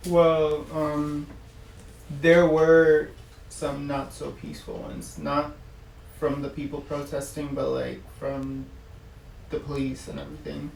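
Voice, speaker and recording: Gravelly man far from the mic. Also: on the high side, level tone, takes it slowly, a little mellow, slight background noise. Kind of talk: casual discussion. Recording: roomy echo, far from the mic.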